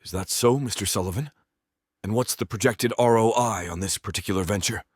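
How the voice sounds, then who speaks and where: A man's voice: lowish voice, fairly quick, husky, no room sound, studio quality. A man voicing a playful, confident young wife. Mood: teasing.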